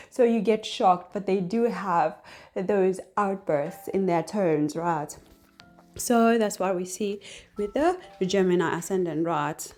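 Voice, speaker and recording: A woman host chats through an astrology topic at an unhurried pace, full of "like" and "you know." She speaks in a middle pitch, with soft music playing faintly underneath. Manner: chatty, many fillers, acts out whispered and shouted examples. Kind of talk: casual explainer talk.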